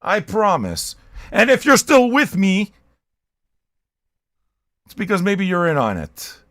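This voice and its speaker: A loud, excitable man rants his way through hosting a record-listening livestream, shouty, abrasive and full of swearing. His voice sits fairly high, and the sound is dry, with little room around it. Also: slow, no room sound. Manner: profane, excitable. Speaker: host of a record-listening show. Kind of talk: loud ranting livestream chat.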